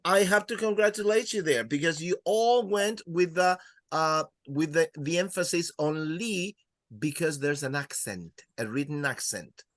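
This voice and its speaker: Slow, unhurried male Spanish teacher. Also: fairly high pitch, expressive, fairly bright tone, no room sound, clean studio sound. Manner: encouraging, counts students in and praises answers. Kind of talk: classroom language lesson.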